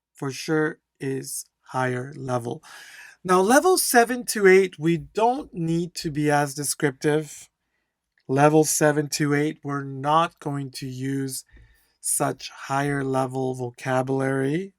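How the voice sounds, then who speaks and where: A speaking test instructor gives a lesson in a mid-range voice, slowly and emphatically, stressing key words and repeatedly checking in with "okay?". The recording is dry, with clean studio sound.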